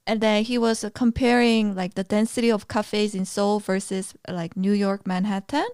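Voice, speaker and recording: A woman from Korea co-hosting a podcast, talking quickly and casually with lots of "like" fillers. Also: medium pitch, flat delivery, a little mellow, clean tone, no room sound, studio quality. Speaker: podcast co-host. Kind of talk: casual chat.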